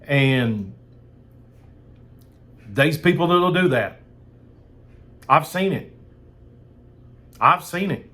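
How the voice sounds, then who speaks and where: A man's voice: a little high, animated, extremely slow, long pauses, bright, forceful tone. Fired-up preacher man. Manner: fired-up, emphatic, repeats phrases for emphasis. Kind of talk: sermon.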